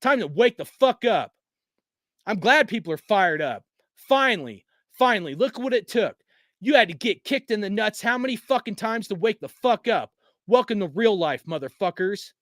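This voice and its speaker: A man hosting a fan channel, delivering a heated, profane, slangy sports rant at a fast clip. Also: high-pitched, animated, no echo, clean studio sound. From US West Coast. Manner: heated, cursing, rapid-fire, slangy.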